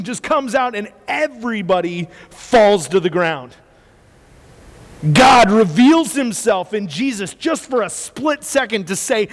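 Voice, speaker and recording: A man preaching a sermon who tells stories in an animated way and often restarts his sentences. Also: extremely high pitch, measured pace. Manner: animated storytelling with many restarts. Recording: long hall reverb.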